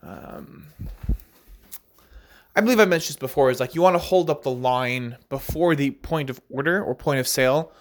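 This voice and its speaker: A man's voice: mid-range voice, moderate pace. A man working as a barista, talking in a casual, rambling and digressive monologue.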